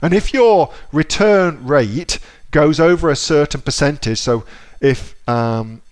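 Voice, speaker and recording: A man's voice: a little high, slow. A man giving a casual screen-share tutorial about selling online, chatty, repeating himself and swearing offhandedly. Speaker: online seller teaching.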